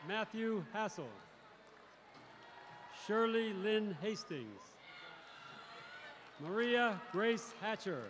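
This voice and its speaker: A male teacher reading out graduates' names one by one at a graduation ceremony in a large arena, in a measured announcing manner. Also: high voice. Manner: measured, announcing each name, with brief self-corrections. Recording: crowd noise in a large arena. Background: crowd cheering.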